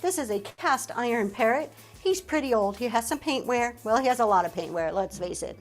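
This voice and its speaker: A woman's voice: a little high, expressive, a little fast, soft background music. Chatty woman auctioning trinkets live. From Pennsylvania. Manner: chatty, upbeat, thanks viewers often. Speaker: live-stream reseller host. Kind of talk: live auction selling chat.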